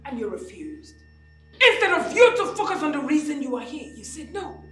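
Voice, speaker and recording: A woman's voice: mid-range voice, animated, moderate pace, echoey room, recorded from a distance, close to an everyday voice. A woman playing a furious, money-hungry hotel madam. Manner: shouting, scolding, threatening.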